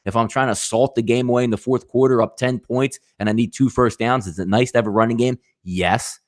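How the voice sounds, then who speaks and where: A man's voice: medium pitch, steady tone, fairly quick. A man hosting a live sports betting show, talking animatedly with rhetorical questions and addressing viewers as folks.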